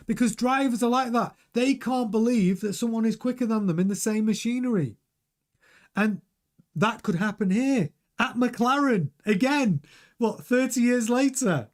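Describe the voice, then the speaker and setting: A man's voice: very high voice, measured pace. A middle-aged man hosting a live stream, talking casually and animatedly and often restarting his sentences while he reads the chat. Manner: chatty, animated, repeats words and restarts. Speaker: show host reading live chat.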